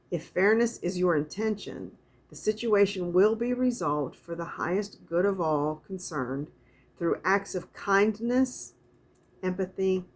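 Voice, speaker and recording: A middle-aged woman with a low, husky, breathy voice gives a gentle oracle card reading. She talks softly and wanders between thoughts, then slows right down to read the card texts aloud. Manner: soft, meandering, reads card texts aloud slowly. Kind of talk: spiritual card reading, casual chat.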